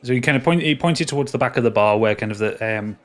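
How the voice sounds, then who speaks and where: A man's voice: medium pitch, fast talker. A man narrating as game master for a tabletop game, often restarting his words and swearing casually.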